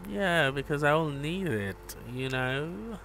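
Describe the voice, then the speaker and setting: A man giving relaxed live gameplay commentary, chatting with viewers and calling them bro. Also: fairly high pitch, slow pace, gravelly, slight background noise. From Jamaica. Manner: laid-back, chats with viewers, calls them bro. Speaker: gaming streamer.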